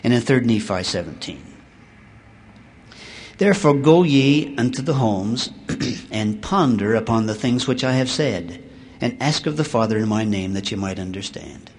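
A man giving a sermon, reading scripture aloud in a measured way that slows and swells on the verses. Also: medium pitch, expressive, darkish tone, a little hiss or hum. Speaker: church speaker.

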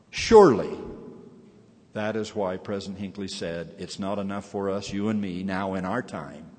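An older man giving a sermon as a church leader, speaking in an earnest, deliberate way and bearing testimony to young listeners. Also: lowish voice, a little mellow. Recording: long reverb of a large hall.

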